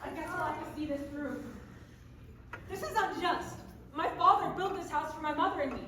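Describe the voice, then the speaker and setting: Woman playing a sarcastic self-pitying cinderella on stage, high voice, far off in a super echoey room. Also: normal speed, noisy background, natural voice. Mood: indignant. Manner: theatrical, self-pitying, mock-cheerful. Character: put-upon sarcastic young woman Cinderella. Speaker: stage actor. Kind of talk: live stage comedy. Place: theater stage.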